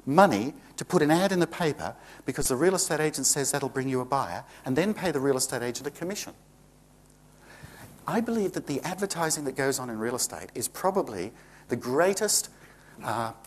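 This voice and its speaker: Sarcastic Australian man lecturing a seminar. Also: a little high. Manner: combative, sarcastic, full of rhetorical questions. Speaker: seminar presenter. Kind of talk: live seminar talk. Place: seminar room with a live audience.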